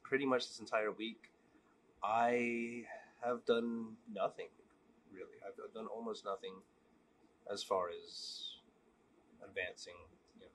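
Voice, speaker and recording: A man vlogging, telling a long joke and then talking candidly in a relaxed, casual way. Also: lowish voice, slight background noise. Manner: relaxed, candid, repetitive storytelling. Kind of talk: joke storytelling and casual reflection.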